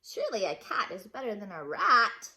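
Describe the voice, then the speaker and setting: A woman voicing a young boy in a fairy tale, read aloud with excitement. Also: medium pitch, normal speed, exaggerated voice. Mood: eager. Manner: excited storybook reading.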